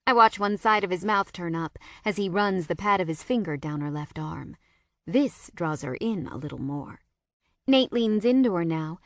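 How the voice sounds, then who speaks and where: A woman's voice: medium pitch, no room sound, studio quality. A woman narrating a first-person audiobook in a wry, sardonic storytelling manner.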